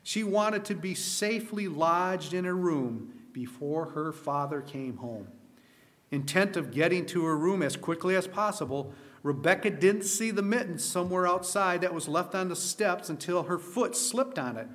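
A man's voice: sits high, normal speed, fairly bright tone. Earnest man reading a story aloud. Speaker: storyteller at a camp meeting.

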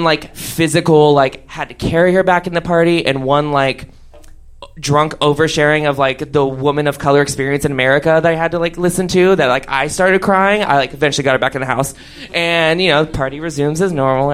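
A man's voice: on the high side, smooth. Chatty young man telling a stand-up story. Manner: chatty, filler-heavy, animated quoted voices. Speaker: stand-up comedian.

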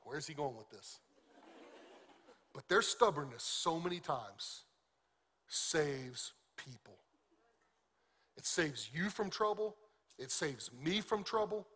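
A male pastor preaches in a loose, animated, conversational way and slips in jokes. His voice sits a little high and sounds bright and forceful. The delivery stays lively and informal throughout. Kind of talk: sermon.

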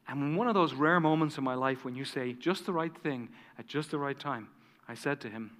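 A male pastor telling a story in a sermon, dramatic and dropping to a hush at key moments. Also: mid-range voice, a little fast. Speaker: lead pastor. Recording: reverberant church hall.

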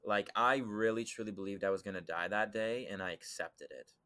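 Bright-voiced man telling an eerie story. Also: on the low side, a little fast. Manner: animated, acts out voices, swings from loud to hushed. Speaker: podcast guest telling a personal story. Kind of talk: dramatic storytelling in conversation.

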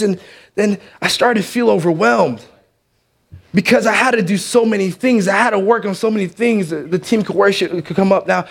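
Animated man preaching a sermon. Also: high voice, moderate pace, creaky. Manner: animated, acts out the characters. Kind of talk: sermon storytelling. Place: church.

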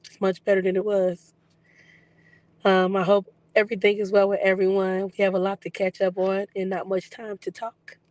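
A woman vlogging a casual video journal, her voice still recovering after being lost for weeks, telling stories in a relaxed, chatty way with plenty of fillers. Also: mid-range voice, moderate pace. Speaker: psychic medium vlogger.

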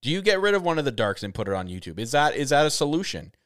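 A man from Canada hosting a casual talk podcast, rambling excitably with lots of restarts. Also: a little high, racing, smooth, no echo, clean studio sound. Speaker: podcast host. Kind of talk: casual chat. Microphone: camera setup on a video call.

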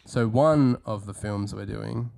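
A man co-hosting a comedy podcast in casual banter, teasing and deadpan. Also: lowish voice, takes it slowly, gravelly, slight background noise. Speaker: podcast co-host.

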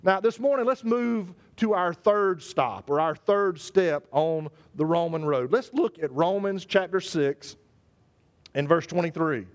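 A man preaching a sermon, stressing his words, repeating phrases and slowing down on scripture. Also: a little high. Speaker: pastor. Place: church service.

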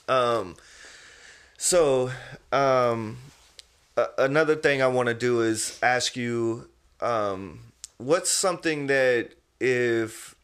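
Laid-back rambling male podcast host. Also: mid-range voice. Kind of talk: casual chat.

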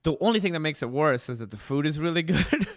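Lively, profane man chatting as a guest. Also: on the high side, quick pace. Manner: animated, profane, laughing asides. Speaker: podcast guest, comedian. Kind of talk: casual chat.

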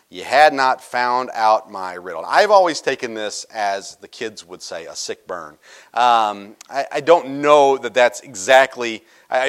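A middle-aged male pastor preaching a sermon in a casual, joking storytelling manner with quick asides. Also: lowish voice, fairly bright tone.

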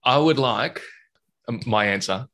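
A man's voice: medium pitch, unhurried, a bit bright. A man hosting a casual chat, joking and laughing often. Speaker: podcast host.

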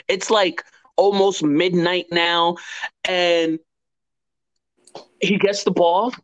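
A man co-hosting a casual sports podcast, excitable and profane, talking in halting bursts full of restarts. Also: high voice, muffled recording. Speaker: podcast co-host.

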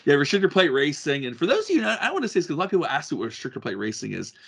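A man's voice: on the high side, wildly swooping pitch, racing, gravelly, husky. A man co-hosting a podcast, chatting casually about motor racing, rambling with many restarts and fillers. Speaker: podcast co-host. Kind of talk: casual sports chat.

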